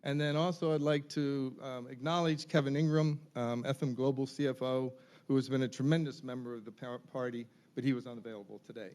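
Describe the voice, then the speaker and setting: A man's voice: mid-range voice, fairly even intonation, brisk, darkish tone. A man moderating a university panel discussion, reading out names and titles with frequent ums, picked up by a distant mic in a hall. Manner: reads names and titles, um-filled. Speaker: forum moderator.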